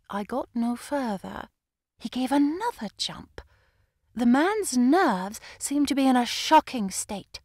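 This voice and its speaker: Expressive woman reading an audiobook. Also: sits high, takes it slowly, no room sound, clean studio sound. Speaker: audiobook reader. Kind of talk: scripted narration.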